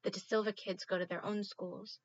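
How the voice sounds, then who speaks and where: A woman reading a children's book aloud, expressive and stopping now and then to fix her slips. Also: medium pitch, a little fast, highs cut off. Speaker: reader.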